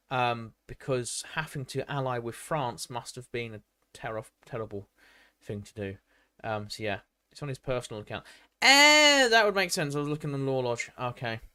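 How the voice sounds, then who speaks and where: A man with a medium-pitched, fairly bright voice is live streaming, reading a history article aloud and stopping often to chat with viewers and answer live chat. He restarts lines and makes asides as he goes. The studio recording is clean, with no room sound.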